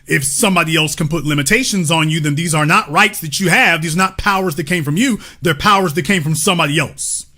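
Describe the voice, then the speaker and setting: Speaking quickly with hardly any pauses, this American commentator in a cultural discussion addresses an audience with passion. His fairly high, bright voice has a forceful tone as he preaches emphatically, repeats lines and throws out rhetorical questions.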